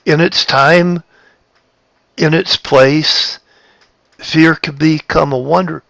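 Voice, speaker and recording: A man giving a reflective spiritual talk, halting and repeating his phrases, shifting his tone of voice for emphasis. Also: on the high side, fairly even intonation, creaky, a bit bright, no echo. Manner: plays with tone of voice for emphasis. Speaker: spiritual speaker.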